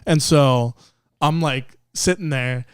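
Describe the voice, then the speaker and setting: A man in casual podcast chat, adding deadpan jokes and details to a shared story. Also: mid-range voice, takes it slowly, clear, resonant tone, no echo, studio quality. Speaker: band member.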